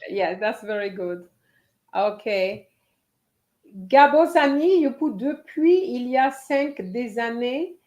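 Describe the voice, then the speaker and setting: A woman teaching a live online French writing lesson, slowly reading out students' answers and encouraging them. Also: a little high, animated, darkish tone.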